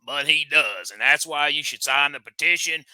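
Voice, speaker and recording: A man's voice: fairly high pitch, normal speed, pushed and bright, smooth, no echo. A man hosting a comic show, needling his guest in boastful country banter. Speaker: host.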